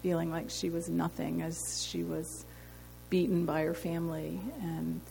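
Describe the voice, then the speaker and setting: Woman speaker, earnest storytelling sermon voice, slight fry, reverberant hall with faint noise. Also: on the low side, level tone, unhurried, mellow, soft background music. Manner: earnest, storytelling, rhetorical questions. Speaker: women's ministry speaker. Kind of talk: sermon testimony.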